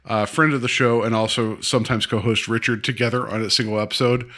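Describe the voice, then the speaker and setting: A man's voice: medium pitch, steady tone, fast talker, sharp tone. A man co-hosting a podcast in casual chat, joking and laughing often, with many fillers. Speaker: podcast co-host.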